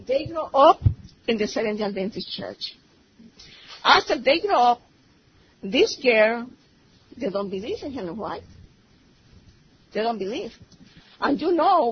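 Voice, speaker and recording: A woman's voice: a little high, husky. A middle-aged woman, a native Spanish speaker with a Spanish accent, giving a church testimony in broken English and slipping into Spanish as she tells her story. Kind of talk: personal testimony. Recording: slightly muffled recording with faint noise.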